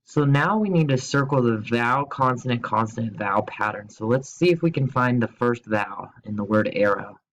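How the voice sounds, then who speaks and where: A man teaching a recorded remote grammar lesson at his computer, explaining slowly and spelling words out, with playful quiz questions and jokes. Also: medium pitch, animated, muffled recording.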